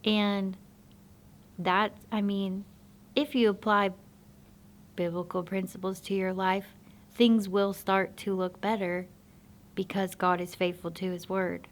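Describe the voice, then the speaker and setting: A woman telling her personal faith testimony in a soft-spoken, halting, reflective way. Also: medium pitch, level tone.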